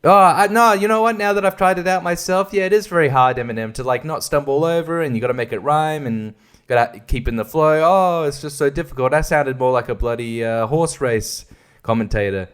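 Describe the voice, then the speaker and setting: A man's voice: medium pitch, fairly quick, smooth. A man giving a casual, sweary, sarcastic album review, often laughing at his own jokes. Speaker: music reviewer.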